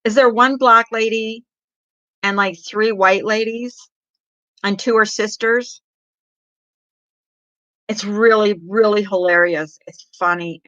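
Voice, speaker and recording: Middle-aged woman, chatty livestream host, rambling talk, frequent laughs, crisp bright voice, dry dull lo-fi mic. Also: mid-range voice, no echo. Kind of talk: casual chat with viewers. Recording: dull lo-fi sound.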